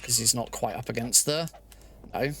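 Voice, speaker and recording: A young man talking through his own game speedrun live, chatty and quick to laugh, thinking aloud as he plays. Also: mid-range voice. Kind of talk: live gameplay commentary.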